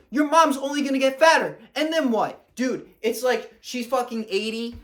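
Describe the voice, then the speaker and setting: A man's voice: very high-pitched, fairly bright tone. A young man, a fitness coach, ranting to camera in a blunt, profane, confrontational way.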